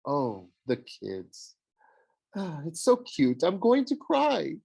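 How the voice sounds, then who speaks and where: A man's voice: mid-range voice, sing-song, unhurried, darkish tone. A man voicing a dramatic, swooning goddess of love in an audiobook, gushing and theatrical. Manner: gushing, theatrical, sing-song. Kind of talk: audiobook character voice.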